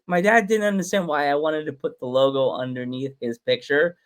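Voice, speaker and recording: A man's voice: a little high, fairly even intonation, smooth. A man hosting a casual podcast chat, rambling and correcting himself as he goes. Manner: rambling, quick self-corrections, laughs often. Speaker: podcast host.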